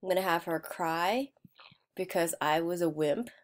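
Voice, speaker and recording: A woman narrating her own casual vlog, rambling and laughing at herself, sometimes dropping to a soft near-whisper. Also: fairly low pitch, measured pace. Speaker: video creator.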